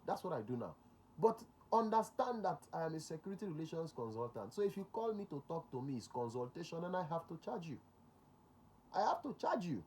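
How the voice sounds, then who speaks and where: A man's voice: fairly high pitch, big pitch swings, a little fast, a little mellow. A man with a Nigerian accent, a security consultant hosting a talk show. He speaks emphatically, repeats his key points and slips into Pidgin.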